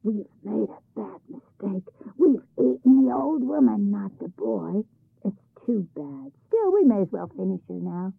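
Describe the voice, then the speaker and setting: Lady reading as a greedy troll guy, loud and gloaty, gravelly, tinny phone sound. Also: mid-range voice, lively intonation, unhurried, no room sound, heavily acted. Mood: dismayed. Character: gruff greedy male troll, big and boastful. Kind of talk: storybook reading.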